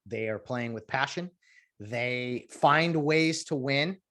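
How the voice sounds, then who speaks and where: A man giving casual sports commentary in an animated, ranting way, with many fillers and restarts. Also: mid-range voice, slow.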